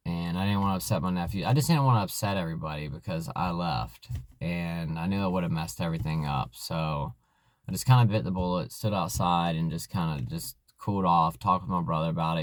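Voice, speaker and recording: A man telling a personal story in a vlog, halting and earnest, with many fillers and restarts. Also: low-pitched. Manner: candid, emotional retelling. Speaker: vlogger in alcohol recovery.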